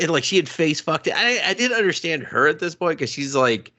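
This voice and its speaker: A man's voice: on the high side, very animated, a little fast, pushed and bright. A young man co-hosting a casual movie review podcast, cursing and joking as he acts out the characters in mock voices. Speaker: podcast co-host.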